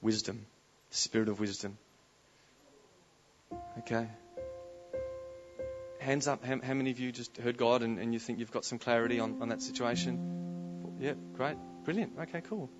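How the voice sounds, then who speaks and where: A man preaching at a conference, animated, shifting from quiet storytelling to loud declarations. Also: mid-range voice, normal speed, music in the background. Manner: animated, swings from soft to loud exclamations. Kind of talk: conference sermon. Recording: slightly dull live recording.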